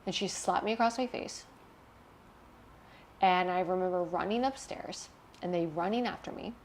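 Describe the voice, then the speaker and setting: A woman's voice: lowish voice, normal speed, slight background noise. A young adult woman, an interview guest, telling a painful personal story candidly and emotionally, swearing freely.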